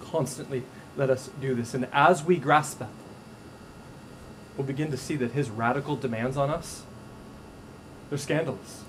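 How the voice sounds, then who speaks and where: A male pastor preaching a sermon to a congregation, animated and playful, acting out the voices in his stories. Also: mid-range voice, normal speed, long pauses, a little hiss or hum. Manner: animated, acts out quoted voices with humor. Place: church stage before a congregation.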